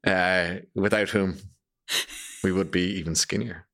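A middle-aged Irish man speaks in a fairly low voice, talking casually as an interview guest. He tells his stories with energy and acts out what other people said in raised, playful voices. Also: a little slow. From Ireland. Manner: animated storyteller, acts out quotes in raised voices. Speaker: radio presenter.

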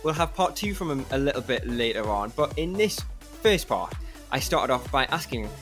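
A man's voice: mid-range voice, very animated, normal speed, fairly bright tone, faint music behind. A man co-hosting a podcast, chatting casually and laughing as he tells stories. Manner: chatty, laughs a lot while telling stories. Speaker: podcast co-host. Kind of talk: casual chat.

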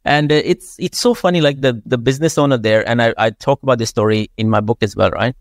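A podcast host conducts a casual interview, chatting away, sharing his own stories and ending lines with "right?" His voice sits at medium pitch and moves at a quick pace, captured in a dry recording.

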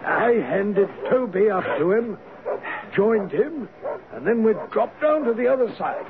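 A loyal, flustered doctor narrating an old radio drama. He stammers and hesitates in a fairly high voice. The sound is tinny and narrow, with faint hiss. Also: lively intonation, unhurried.

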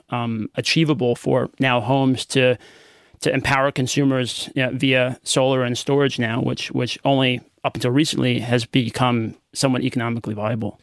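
Smooth flat-voiced American man. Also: mid-range voice, dry recording, studio quality. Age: young adult. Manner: hesitant, many fillers. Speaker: guest, company founder. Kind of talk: casual interview.

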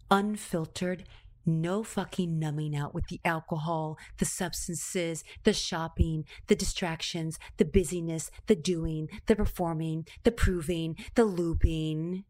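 Intimate, emphatic woman, slightly low voice. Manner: intimate, shifts between hushed near-whispers and intense emphatic bursts; repeats words for rhythm and emphasis. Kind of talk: confessional monologue.

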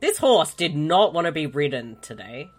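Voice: medium pitch, sing-song, normal speed, faint music behind. A podcast co-host making bemused, confused asides while watching a movie. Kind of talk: casual movie commentary chat.

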